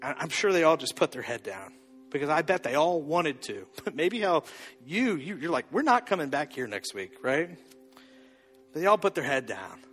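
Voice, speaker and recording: A man's voice: on the high side, big pitch swings, normal speed, a bit bright, big-room sound, faint music behind. A man preaching a sermon as pastor, emphatic and often chuckling, building through repeated phrases.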